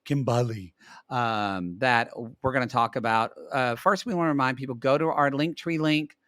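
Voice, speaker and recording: A man's voice: medium pitch, moderate pace, a bit bright, no echo, studio quality. A man co-hosting a casual podcast, joking and bantering with crude humor. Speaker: podcast co-host.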